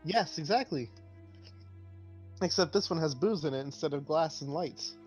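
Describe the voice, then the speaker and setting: A man's voice: fairly high pitch, normal speed, darkish tone, soft background music. A man playing a tabletop game, chatty and laughing often while thinking aloud. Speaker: player. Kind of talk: casual tabletop game chat.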